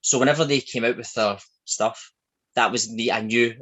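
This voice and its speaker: A man with a thick Glaswegian accent tells stories in a casual podcast interview. He talks in an animated, chatty way at a middling pitch. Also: normal speed, rough recording. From Scotland. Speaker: guest, wrestling shop owner.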